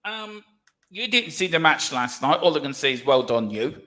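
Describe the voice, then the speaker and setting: A man co-hosting a casual sports livestream, jokey and energetic, with a sore throat. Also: on the high side, normal speed. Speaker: livestream co-host.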